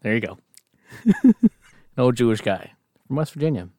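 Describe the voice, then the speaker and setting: A man's voice: mid-range voice, huge pitch swings, normal speed, warm tone, dry recording, clean studio sound. A man co-hosting a casual podcast chat, joking around, playing with words and laughing often. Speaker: podcast co-host.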